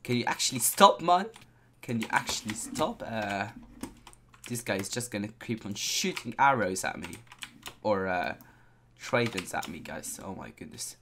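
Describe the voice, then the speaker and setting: A man giving excitable let's-play commentary on a video game, constantly exclaiming and talking to his viewers. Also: fairly low pitch, a little slow, vocal fry, noisy background. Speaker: gameplay commentator.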